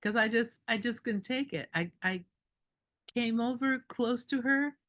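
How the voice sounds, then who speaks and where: A woman doula telling a story at a group meeting, animated and indignant, laughing between lines. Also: a little high, measured pace.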